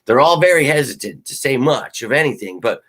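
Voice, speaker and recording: Man, live fan-stream host, casual chat, rowdy and cussing, tense bright voice, slightly worn from shouting. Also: medium pitch, expressive, fairly quick. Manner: hyped, rowdy and profane, swings loud. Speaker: sports fan show host.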